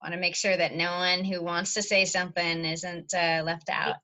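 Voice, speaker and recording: A woman's voice: on the low side, little pitch movement, normal speed, sharp tone. A woman teacher hosting a graduation on a video call, friendly and encouraging with light jokes. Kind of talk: casual chat.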